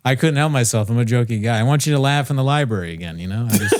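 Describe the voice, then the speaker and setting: A young man hosts a casual comedy podcast, swearing freely and wandering between stories. His voice sits at an ordinary middle pitch. The sound is dry and close, with no room echo. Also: racing. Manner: crude, rambling, jokey. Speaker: podcast co-host.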